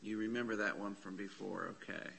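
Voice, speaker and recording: A man's voice: lowish voice, steady tone, a little fast, vocal fry, sharp tone, slight background noise. A man teaching a classroom lesson on Bible Greek in a church classroom, patiently spelling out letters and parsing words aloud.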